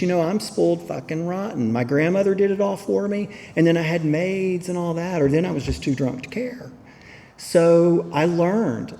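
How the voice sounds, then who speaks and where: Mellow man telling his story. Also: on the high side, vocal fry, in a large hall. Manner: candid, humorous, drawling storytelling. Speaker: recovery meeting speaker. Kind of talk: personal testimony to an audience. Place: meeting hall.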